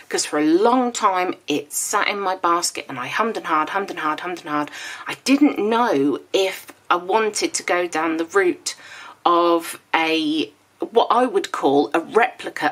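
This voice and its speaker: A woman's voice: on the low side, fairly bright tone. Chatty woman in her thirties with a slight lisp. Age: 30s. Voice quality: slight lisp from dental aligners. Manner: chatty and rambling, with small laughs. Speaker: planner vlogger. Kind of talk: casual vlog chat.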